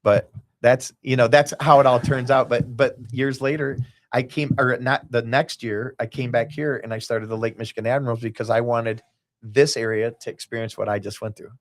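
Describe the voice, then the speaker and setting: This basketball team owner, a podcast guest, has a medium-pitched voice with fairly even intonation and normal speed. In the casual chat he rambles, jumps between tangents, and reenacts quotes.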